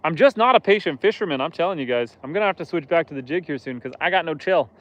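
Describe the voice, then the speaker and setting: A man's voice: fairly high pitch, lively intonation, fast, fairly bright tone, muffled recording. A man hosting a casual live stream outdoors on a lake from a boat, chatting with viewers in a joking, self-deprecating way.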